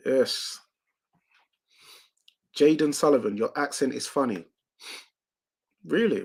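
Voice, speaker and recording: A young man hosting a live watch-along, giving excitable play-by-play of a boxing match and reading out viewer comments. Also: mid-range voice, a little slow, pauses often, breathy edge. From United Kingdom.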